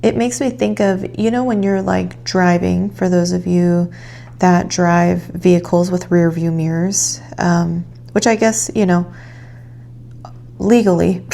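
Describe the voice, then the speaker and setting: A woman giving a calm, reflective tarot reading, guiding the listener gently. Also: fairly low pitch, a little slow, vocal fry. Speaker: tarot reader.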